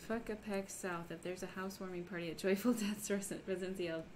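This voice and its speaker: A woman's voice: mid-range voice, steady tone, fast talker, a little mellow, slight background noise. A woman from Minnesota chatting casually on a crafting livestream, reading chat aloud and laughing often. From Minnesota, USA. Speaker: livestream host.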